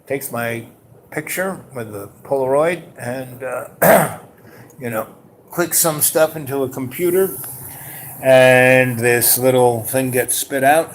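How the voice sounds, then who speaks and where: A man's voice: medium pitch, a little hiss or hum. An older man from New York telling a personal story in a rambling, casual way, often saying "you know" and acting out the other people's lines. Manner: rambling, peppered with "you know", acts out dialogue.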